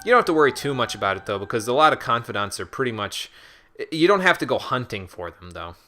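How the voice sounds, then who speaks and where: A man's voice: medium pitch, sing-song, quick pace, pushed and bright. A man casually commentating as he plays a game, joking sarcastically at the characters. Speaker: streamer playing a game. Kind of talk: casual let's-play commentary. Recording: voice over game music.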